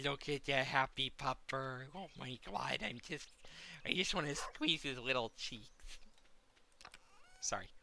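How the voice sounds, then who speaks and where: A man live-streaming a farming game, rambling playfully and getting excited. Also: medium pitch, gravelly.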